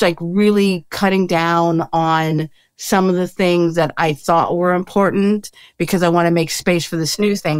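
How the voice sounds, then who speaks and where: A woman with a somewhat low voice speaks in a reflective, conversational way, working out her thoughts aloud. The recording is dry. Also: clear, resonant tone, no room sound. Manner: reflective, thinks out loud with restarts. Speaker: co-host. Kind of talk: casual conversation.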